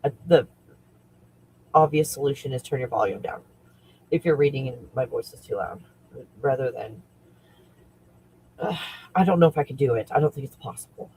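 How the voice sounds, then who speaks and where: A man who works as a spiritual coach talks casually on a livestream, excitable and rambling, often breaking into laughter. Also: mid-range voice, normal speed, pauses often, slight background noise, low-quality recording.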